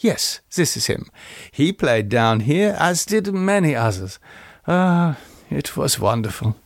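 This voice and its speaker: Play a nostalgic German woman singer in a storybook, recalling her past with quiet longing, as a man reads her lines, with a slightly gravelly texture in a dry, close sound. Let her German accent colour each phrase. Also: on the high side, sing-song, slow pace, no echo, exaggerated voice. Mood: wistful. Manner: wistful, reminiscing storyteller. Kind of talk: audiobook character voice.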